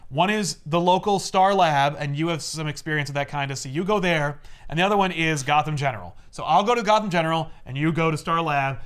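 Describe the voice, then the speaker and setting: Man doing a brisk caped detective. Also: on the high side, fairly bright tone, smooth, close to an everyday voice.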